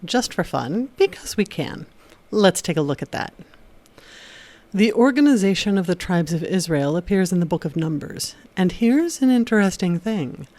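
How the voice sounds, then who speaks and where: A woman hosts an educational video, narrating from a script in a steady, explanatory manner and slipping in the odd wry aside. Her voice sits fairly low.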